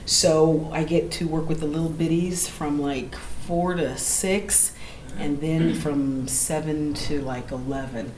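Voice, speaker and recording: Animated woman storyteller in a roomy gallery. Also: low voice, slow pace. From Oakland, California. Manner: animated, acts out quoted voices, laughs easily. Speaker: jazz vocalist and educator. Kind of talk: storytelling between songs at a live gallery show. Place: gallery event space. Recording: roomy live room with ambient noise.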